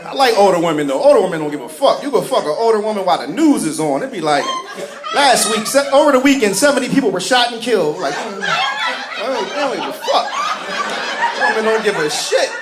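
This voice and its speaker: A man's voice: high-pitched, big pitch swings, fairly quick, very noisy. A male stand-up comedian, telling profane, sarcastic stories and putting on voices. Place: comedy stage before a live crowd. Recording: roomy live venue with crowd laughter.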